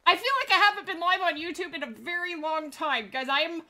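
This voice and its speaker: A woman's voice: very high-pitched, a little fast, sharp tone. A woman live-streaming a hunting game, bubbly and chatty, laughing often and greeting viewers by name while nursing a back injury.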